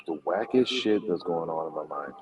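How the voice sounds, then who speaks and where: A man in casual conversation, telling a funny personal story with lively laughter, heard from a distant phone. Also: low-pitched. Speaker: comedian guest. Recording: distant phone audio with crowd noise. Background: crowd chatter at a cookout.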